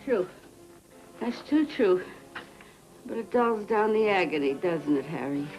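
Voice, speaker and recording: An actress playing a drunk, lonely, bitter wife who slurs and breaks into tearful shouting. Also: female voice, very high voice, lively intonation, a little slow, soft background music, full character voice, low-quality recording. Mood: drunken taunting. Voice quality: slurred, tearful, shouting outbursts.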